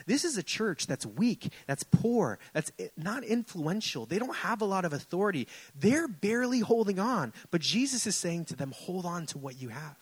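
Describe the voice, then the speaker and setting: A man's voice: high voice, sing-song, normal speed, few pauses, breathy edge, rough recording. Impassioned preaching man. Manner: impassioned, rising and falling in emphasis. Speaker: pastor. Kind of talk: sermon. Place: church sanctuary.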